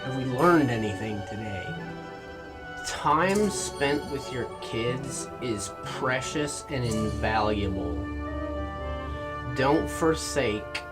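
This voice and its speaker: A man's voice: mid-range voice, animated, slow pace, distant mic. Weary man, rambling video diary, tired and run down, a bit off-mic, music playing behind. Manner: weary, rambling, talking to himself. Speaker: gas station clerk. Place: gas station during a shift.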